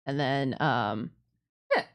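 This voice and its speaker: A woman's voice: a bass voice, slow pace, vocal fry. A woman streaming a video game, chatting casually in a rambling, self-deprecating way with lots of giggles.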